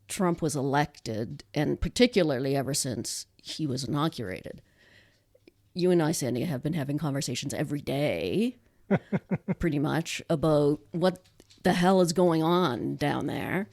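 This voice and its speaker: A woman's voice: low-pitched, a little mellow. A woman with a Nova Scotian accent, co-hosting a podcast from home in a casual, chatty way with frequent restarts. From Canada. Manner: chatty, laughs easily, many restarts. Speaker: podcast co-host.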